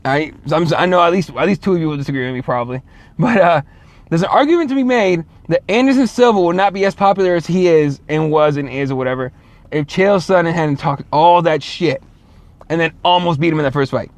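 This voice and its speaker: A man's voice: a little high, a little fast, dry recording. A man hosting a casual solo show, rambling and swearing, full of fillers and restarts. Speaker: show host.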